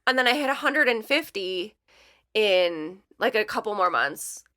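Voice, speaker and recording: A woman's voice: mid-range voice, unhurried. A woman guest on a podcast, chatting casually and acting out quotes as she tells stories. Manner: animated storytelling, acts out quotes. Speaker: podcast guest, letterpress studio owner. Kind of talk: casual chat.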